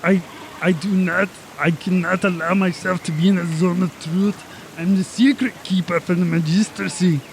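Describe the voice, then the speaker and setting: Cast: a man playing a vain, jittery secret keeper, high and gravelly, stammers. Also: fairly even intonation, moderate pace, a little hiss or hum. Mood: nervous, defensive. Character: nervous pompous male magistrate's secret keeper. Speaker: game master.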